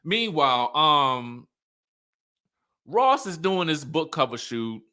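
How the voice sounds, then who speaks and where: A man's voice: a little high, big pitch swings, takes it slowly, sharp tone. A man recapping a reality show in a sassy, chatty way, full of asides and laughing at his own remarks. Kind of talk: casual show recap commentary.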